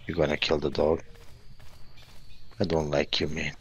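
Low slow guy narrating his game, jokes at the npcs, kinda dull lo-fi audio. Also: level tone, a bit bright, breathy edge. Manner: jokey, talks to game characters. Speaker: gameplay commentator. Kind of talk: casual let's-play commentary.

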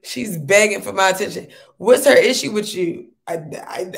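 A woman giving loud, exasperated reaction commentary, swearing often and mocking what she watches. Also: mid-range voice, moderate pace, creaky, breathy edge. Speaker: streamer reacting to a video.

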